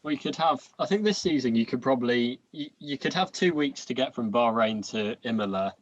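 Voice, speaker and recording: Rambling podcast co-host. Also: male voice, mid-range voice, lively intonation, brisk, no echo. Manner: rambling, hesitant, laughs a lot. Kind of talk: casual chat. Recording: dull lo-fi.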